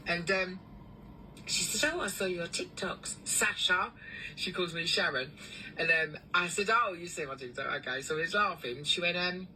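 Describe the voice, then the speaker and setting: A woman who runs a cleaning business, telling a long story in a chatty, animated way with lots of fillers. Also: fairly low pitch, recorded from a distance, a little hiss or hum, low-quality recording. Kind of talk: casual storytelling vlog.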